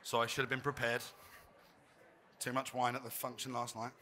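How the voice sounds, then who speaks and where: A man's voice: medium pitch, flat delivery, normal speed, sharp tone, slight background noise. A man, a chef giving a live cooking demonstration, chatty and self-deprecating. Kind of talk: live cooking demo talk. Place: trade fair demo stage.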